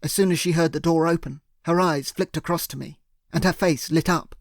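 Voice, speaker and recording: A man narrating a first-person thriller audiobook in a steady, earnest way. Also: fairly high pitch, fairly quick, no room sound, studio quality.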